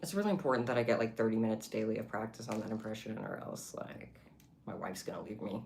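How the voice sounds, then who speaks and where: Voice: medium pitch, fast talker, darkish tone, a little hiss or hum. A livestreamer chatting casually with viewers while making beaded bracelets, playful and giggly, with plenty of self-mocking banter. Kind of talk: casual live-stream chat with viewers.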